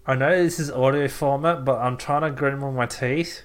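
A man's voice: mid-range voice, steady tone, moderate pace. A young man, co-hosting a casual podcast with playful, teasing banter. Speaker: podcast co-host. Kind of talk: casual chat.

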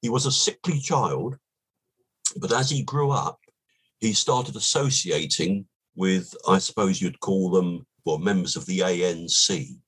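An older man, a podcast guest, telling long anecdotes in an unhurried, relaxed way with a slightly husky voice. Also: deep voice, rough recording. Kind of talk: relaxed storytelling.

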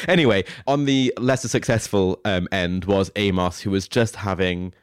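A man's voice: low voice, normal speed, smooth, no room sound, clean studio sound. A man co-hosting a podcast, chatting casually with playful, cheeky humour. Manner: playful, cheeky innuendo, lively laughter. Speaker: podcast co-host. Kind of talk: casual chat.

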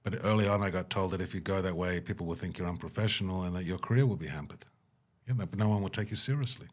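A man being interviewed about his humanitarian work, talking earnestly and acting out bits of dialogue. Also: quick pace. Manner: earnest, acts out quoted dialogue with rising pitch. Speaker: guest, humanitarian worker. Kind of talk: reflective interview talk.

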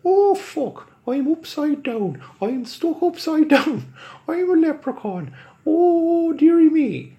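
Squealing stage-Irish leprechaun. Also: male voice, very high voice, very animated, slow, voice pushed up, heavily acted. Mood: panicked. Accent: put-on stage Irish. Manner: squealing, loud and frantic. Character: crude, excitable little male leprechaun.

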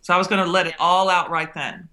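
A middle-aged woman speaks as an interview guest, with a bright, forceful tone of voice. She tells her stories with animation and plays out the conversations she remembers. Her colors every line. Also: lowish voice, fast. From Southern United States. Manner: animated storyteller who acts out remembered exchanges. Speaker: guest, TV chef. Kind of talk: interview storytelling.

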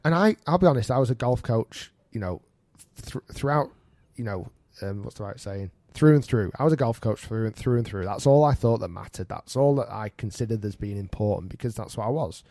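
Podcast host, thirties, animated and self-mocking storyteller, mellow tone, dry studio sound. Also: male voice, mid-range voice, fairly quick, dry recording. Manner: animated, self-mocking, laughs through stories. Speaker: podcast host and golf coach. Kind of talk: casual storytelling chat.

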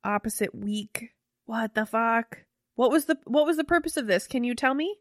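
A young woman co-hosting a casual podcast chat, curious and excitable, with casual swearing. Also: a little high, a little fast, no echo, clean studio sound. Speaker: podcast co-host.

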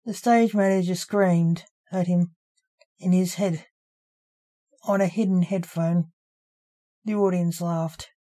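A woman reading her own story aloud as its author, in an even, unhurried storybook narration. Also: on the low side.

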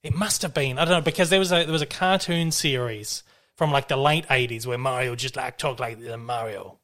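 A man's voice: fairly high pitch, a little fast, fairly bright tone. A man hosting a casual film chat, talking in a rambling, loose way, often restarting his sentences and swearing freely. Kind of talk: casual chat about films.

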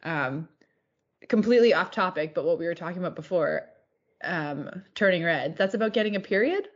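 A woman co-hosting a podcast, chatting casually and joking, her voice lower than usual. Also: expressive, moderate pace, lo-fi sound. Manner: laid-back, joking. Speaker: podcast co-host. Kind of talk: casual chat.

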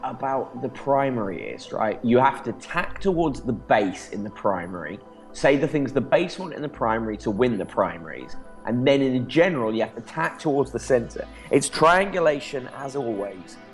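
A man's voice: medium pitch, lively intonation, moderate pace, faint music behind. A man co-hosting a casual political chat, joking and loose, with plenty of fillers. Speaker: podcast co-host. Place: Amsterdam studio or home setup.

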